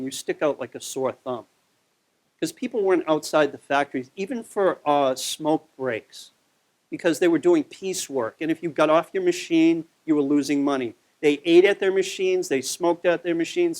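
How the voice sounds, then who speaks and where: A man's voice: a little high, animated, fairly quick. A man giving a conversational local history talk over a slide show, telling the story with plenty of fillers.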